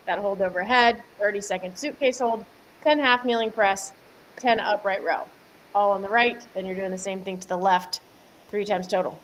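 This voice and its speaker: Upbeat woman fitness coach, live stream. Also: mid-range voice. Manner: upbeat, chatty, answers viewers by name, laughs often. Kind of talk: live-stream workout instruction. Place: home workout space. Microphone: camera mic at home.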